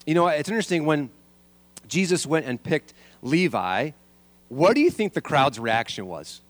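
A man's voice: on the high side, sing-song, moderate pace, no room sound. A man preaching a sermon as a pastor, asking the congregation rhetorical questions and repeating his key lines.

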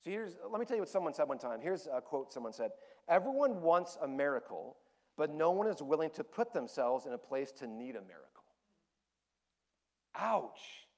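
A man pastor preaching a sermon, telling a personal story candidly and emotionally, dropping to a hush and then rising animatedly. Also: fairly high pitch, very animated, a little fast.

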